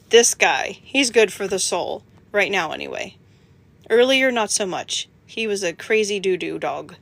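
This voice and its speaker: A woman's voice: mid-range voice, sing-song, measured pace, a bit bright. A middle-aged woman hosting a casual livestream, chatting to viewers and cooing at her dog, laughing often. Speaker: livestream host.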